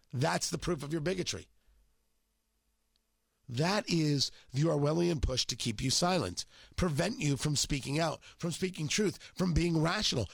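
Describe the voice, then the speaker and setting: A man's voice: a little high, vocal fry, no room sound, clean studio sound. A male talk show host with a cold and a sore throat, delivering an emphatic, mocking political monologue. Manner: emphatic, mocking, punchy phrasing.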